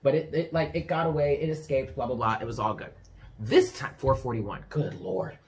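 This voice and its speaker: A man, a tarot reader, casually telling his viewers a story from his room, animated and swearing freely while addressing them as "y'all". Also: mid-range voice, moderate pace. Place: his room with the door closed.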